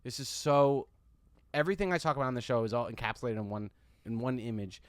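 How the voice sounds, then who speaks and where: A young man, a comedian and podcast host, telling a rambling, animated story with lots of restarts. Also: mid-range voice, fast talker, no room sound.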